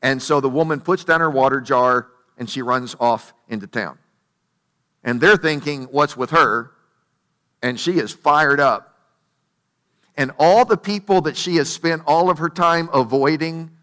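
Bright, high-voiced conversational preacher. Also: male voice, clean tone, long reverb tail. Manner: conversational storytelling with rhetorical questions. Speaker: pastor. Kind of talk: sermon.

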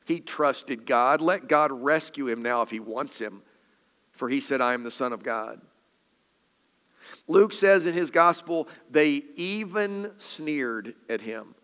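A man's voice: mid-range voice, a little slow, pauses often, fairly bright tone, long reverb tail. A man preaching a sermon in an earnest, emphatic way, reading scripture with dramatic emphasis. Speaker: pastor.

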